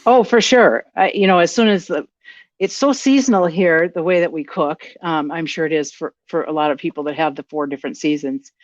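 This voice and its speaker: A woman from Minnesota, USA, with a Minnesotan accent chats casually as a podcast guest, friendly and talkative, with lots of fillers and restarts. Her deep voice is fairly quick, and the recording is muffled without room sound.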